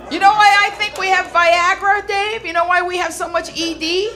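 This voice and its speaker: A woman's voice: extremely high pitch, fairly even intonation, moderate pace, bright, forceful tone. A middle-aged woman doing stand-up, brassy and punchy, talking straight to the audience. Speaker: stand-up comedian. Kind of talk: stand-up comedy set. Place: comedy club stage with a laughing audience. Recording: live club recording, noisy crowd.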